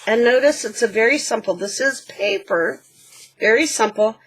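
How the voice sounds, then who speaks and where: A woman hosting a craft channel, gently walking through a handmade book page by page and pointing out details. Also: a little high, normal speed, slightly rough. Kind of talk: casual show-and-tell walkthrough.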